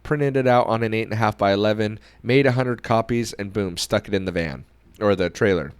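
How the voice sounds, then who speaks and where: A male podcast host telling a story in a casual, animated way, acting out the people in it. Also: fairly low pitch, brisk, clear, resonant tone, no echo. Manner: animated storyteller who acts out quoted dialogue.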